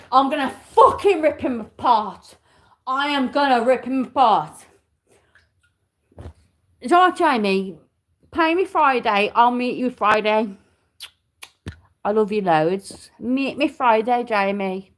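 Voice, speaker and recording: Angry high-voiced woman ranting. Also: expressive, measured pace, a bit bright. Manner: swearing, threatening, repeating herself. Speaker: streamer. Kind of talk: angry live-stream rant.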